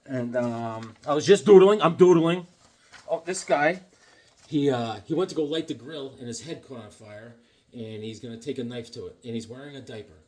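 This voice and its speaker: This comic vlogger, speaking at a medium pitch and moderate pace in a slightly mellow voice, chats loosely about comics. He wanders between subjects, cracks jokes and slips into goofy voices.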